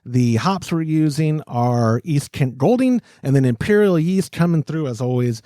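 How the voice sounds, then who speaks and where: A man's voice: on the high side, moderate pace, no echo, studio quality. A man hosting a casual podcast, chatting loosely, plugging sponsors, laughing often and correcting himself mid-sentence. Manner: animated, laughs often, rambling self-corrections. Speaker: podcast host.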